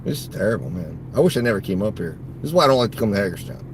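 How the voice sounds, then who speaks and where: Gravelly gig driver ranting in his car. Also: lowish voice, big pitch swings, very fast, background noise. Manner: swears a lot, swings from grumbling to outbursts. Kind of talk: casual vlog while driving.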